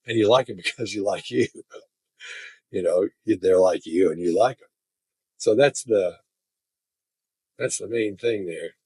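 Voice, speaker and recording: Brief: man, relaxed chatty storyteller, husky low voice, dry recording. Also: unhurried, long pauses, no echo. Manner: chatty, laughs while telling stories. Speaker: body language expert. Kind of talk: casual storytelling.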